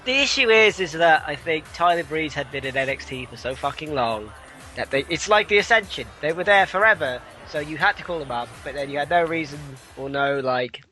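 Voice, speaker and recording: A man with a high, strikingly bright voice co-hosts a casual podcast. He fills his speech with hesitations and cursing as he relays the latest news. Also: animated, a little fast, soft background music, poor audio. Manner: swearing, hesitant with many fillers. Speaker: podcast co-host.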